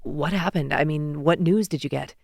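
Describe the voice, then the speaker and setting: A woman reading an audiobook voices an earnest young man in love, speaking softly and in a hushed, apologetic way. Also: low-pitched, moderate pace, gravelly, dry recording, studio quality. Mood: tender.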